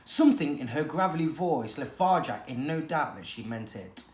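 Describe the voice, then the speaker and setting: Reading a children's novel aloud, a teacher uses a dramatic, expressive storytelling style at normal speed. The mid-register voice swings widely in pitch, and the room is noticeably echoey.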